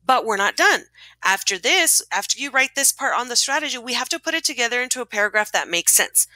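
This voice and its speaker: A woman teacher records a clear, encouraging voice-over lesson for her pupils. Her tone is bright and her voice sits close to the mic, with no room echo. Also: a little high, lively intonation, fast talker.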